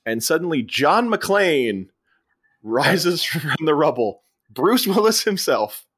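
A man's voice: a little high, big pitch swings, slow, fairly bright tone, slightly rough. A man co-hosting a podcast, retelling a movie's scenes in a rambling, amused, casual way. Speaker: podcast co-host. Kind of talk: casual film recap.

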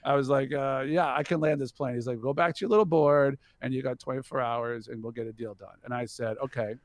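A middle-aged man telling a business story in an animated way. He acts out the voices of the people in the story, swears freely and laughs between lines. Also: mid-range voice, brisk, no echo, studio quality. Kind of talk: animated anecdote.

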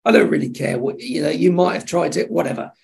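Animated man telling stories. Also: fairly high pitch, fast, creaky. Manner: animated storyteller acting out dialogue. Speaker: television executive, podcast guest. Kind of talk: anecdotal interview chat.

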